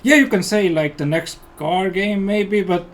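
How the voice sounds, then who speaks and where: Estonian man, high voice, rambling. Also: unhurried. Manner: rambling and enthusiastic, many fillers. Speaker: game developer and guest player. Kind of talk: casual livestream chat while playing.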